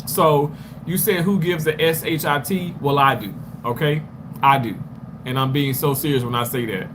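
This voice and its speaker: A man's voice: fairly high pitch, normal speed. Winded man chatting to viewers outdoors. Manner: rambling, talks back to commenters. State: out of breath. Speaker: livestreamer. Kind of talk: casual live chat reading viewer comments. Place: walking outdoors near a road. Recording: street noise with passing traffic.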